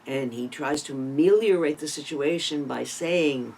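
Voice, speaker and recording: Speaking at a measured pace with few pauses, a Torah teacher recounts a scripture story as a sermon, with sudden jumps in loudness, strong emphasis, side remarks and rhetorical questions. The mid-range voice has a creaky quality, and the audio is poor.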